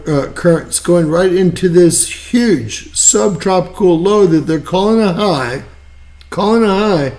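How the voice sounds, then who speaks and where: A man's voice: sits high, warm tone. A man hosting an online news show, giving rambling, folksy weather commentary and repeating himself. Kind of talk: casual weather commentary over a map.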